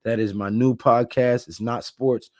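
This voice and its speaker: A man's voice: mid-range voice, steady tone, measured pace, no echo, clean studio sound. A tired man hosting a casual live stream, reading viewer comments aloud and chatting in a laid-back way. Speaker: livestream host.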